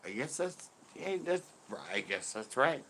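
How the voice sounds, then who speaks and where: Man in his fifties, host, casual storytelling, animated, laughs a lot, swears, faint background noise. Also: fairly high pitch, a little slow. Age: 50s. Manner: animated, laughing often, profane.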